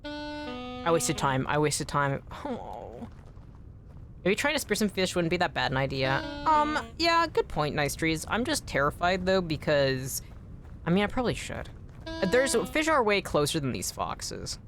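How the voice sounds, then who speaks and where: A woman's voice: sing-song, over music. Frustrated woman streamer swearing at a game. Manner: swears often, quick to frustration; pitch jumps high when annoyed. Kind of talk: live gameplay commentary.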